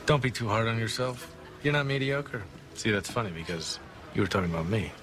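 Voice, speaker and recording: An actor playing a cocky, unflappable corporate lawyer in a TV drama, cool, commanding and sarcastic. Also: male voice, on the low side, animated, a little fast, close to an everyday voice. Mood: sardonic. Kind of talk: TV drama dialogue.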